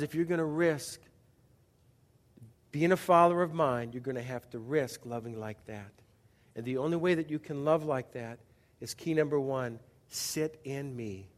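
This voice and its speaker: A man's voice: medium pitch, long reverb tail. A man pastor preaching a sermon in a conversational way, often asking the audience questions and restarting his sentences.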